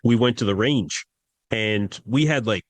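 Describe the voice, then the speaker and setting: A man's voice: fairly low pitch, a little slow, no room sound. A man chatting casually on a podcast, rambling through anecdotes with fillers and some swearing.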